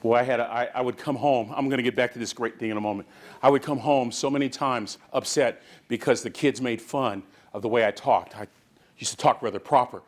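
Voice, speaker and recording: A man's voice: medium pitch, fairly quick. A man from the San Francisco Bay Area giving a motivational keynote to a live conference audience, preaching with call-and-response. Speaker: motivational speaker.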